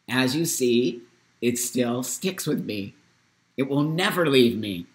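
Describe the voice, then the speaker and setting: A man in his fifties hosting a live stream, talking in an emotional, emphatic way, at times near tears, swinging from loud to hushed. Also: mid-range voice, animated, extremely slow, reverberant. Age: 50s. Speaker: host.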